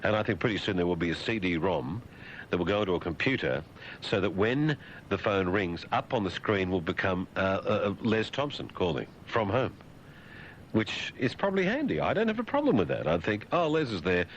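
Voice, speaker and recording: Deep sardonic Australian radio host. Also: male voice, moderate pace. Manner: sardonic, deadpan riffing with mock dialogues. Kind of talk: talk radio monologue. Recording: dull lo-fi radio broadcast with faint hiss.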